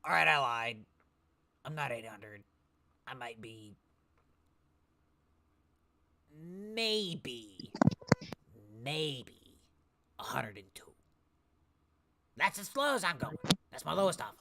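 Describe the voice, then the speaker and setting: A man's voice: a little high, lively intonation, takes it slowly, long pauses, noisy background. A man voicing an old halfling rogue who fibs and rambles in a flustered, sheepish way. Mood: haggling.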